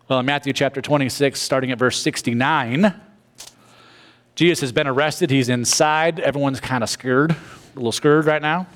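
A man preaching a sermon in church, telling the story with animated voices and jokey asides. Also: mid-range voice, normal speed. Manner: animated storytelling, acting out characters. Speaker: pastor.

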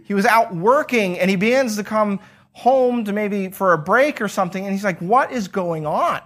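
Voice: medium pitch, moderate pace, a bit bright. A preacher teaching on a Bible passage in a conversational way, retelling the story in everyday words and asking rhetorical questions.

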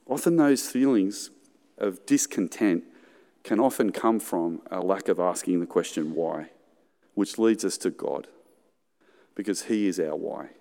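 A man's voice: sits low, unhurried, vocal fry, warm tone. A middle-aged Australian man preaching a sermon in a conversational way, with joking asides and acted-out quotes. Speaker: pastor. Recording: hall reverb.

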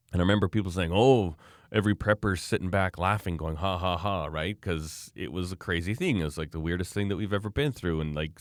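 Low-voiced male co-host, loose rambling chat, dead-dry sound. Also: dry recording. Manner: rambling, many fillers and restarts. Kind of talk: casual chat.

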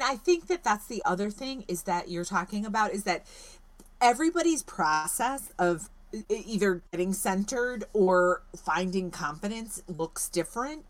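A woman's voice: mid-range voice, animated, measured pace. A woman hosting an interview podcast, talking through her thoughts casually with many restarts. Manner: talkative, thinks aloud with restarts. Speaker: podcast host.

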